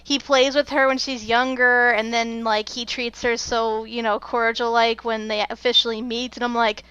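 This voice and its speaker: Bright, high-voiced woman on a dull mic. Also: fairly quick, hardly any pauses, smooth, dry recording. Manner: animated, laughing asides. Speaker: podcast co-host. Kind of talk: casual film review chat.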